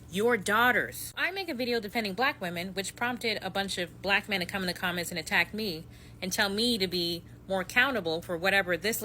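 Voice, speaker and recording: Woman with a bright, forceful voice, pointed and indignant commentary. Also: mid-range voice, a little hiss or hum. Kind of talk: social media commentary.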